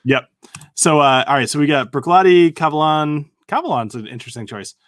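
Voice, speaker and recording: A man hosts a relaxed conversation, laughing easily and joking around. His voice sounds dry and close, with no room around it. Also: a little high, brisk, no echo. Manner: laughs easily, loose jokey chat. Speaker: interview host. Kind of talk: casual conversational interview.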